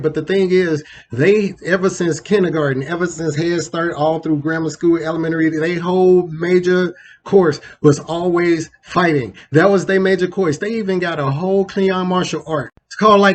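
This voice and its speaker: A man with a slightly raised pitch hosts a casual countdown, rambling and digressing with slang and fillers. Faint background noise sits under his voice. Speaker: host. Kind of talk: casual ranking commentary.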